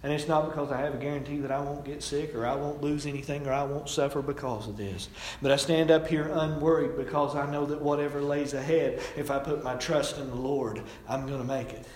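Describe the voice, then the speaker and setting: Folksy preacher in an echoey hall. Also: male voice, on the high side, steady tone, fairly quick, darkish tone. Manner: folksy, storytelling preacher with rising and falling emphasis. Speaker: pastor. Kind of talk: sermon. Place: church sanctuary. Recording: echoey hall, distant mic.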